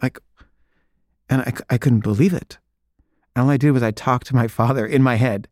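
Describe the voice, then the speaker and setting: A man's voice: mid-range voice, steady tone, moderate pace, darkish tone, no room sound, clean studio sound. A man casually telling a personal story, chuckling now and then and acting out the dialogue he remembers.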